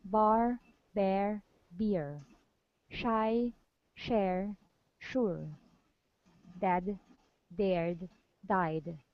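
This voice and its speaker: A woman's voice: mid-range voice, very slow, long pauses, no room sound. A woman student carefully reading practice words aloud in an online pronunciation class. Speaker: language student. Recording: dry, muffled video call audio.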